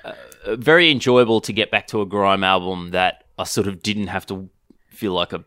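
Deep bright-toned hesitant man. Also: clean tone, no echo, studio quality. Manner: halting, hesitant starts. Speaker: podcast co-host. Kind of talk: casual music review chat.

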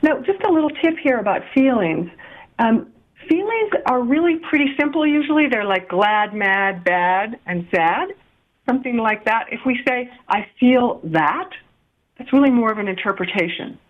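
A woman's voice: on the high side, animated, moderate pace. A middle-aged woman explaining a communication method in a podcast chat, laughing now and then as she gives examples. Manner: warm, explanatory, laughs while giving examples. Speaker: guest relationship coach. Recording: tinny phone line.

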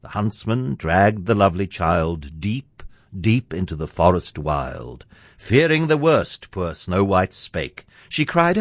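A man reads a comic storybook poem aloud with a playful, sardonic edge. His pitch swings widely through each line, and the recording is dry and close. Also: sing-song, unhurried, fairly bright tone, no echo. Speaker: narrator. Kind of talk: storybook verse reading.

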